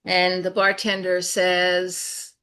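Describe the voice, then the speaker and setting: A woman telling improvised bar jokes on a video call with a brisk delivery built toward the punchline. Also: fairly low pitch, completely flat delivery, pushed and bright. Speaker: improv player.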